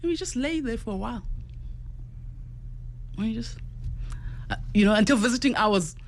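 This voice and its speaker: A woman's voice: on the high side, lively intonation, normal speed. A South African woman, a guest, vividly recounting a personal story and acting out what others said, in a studio. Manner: vivid, repeats quoted speech. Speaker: guest, para-athlete and journalist.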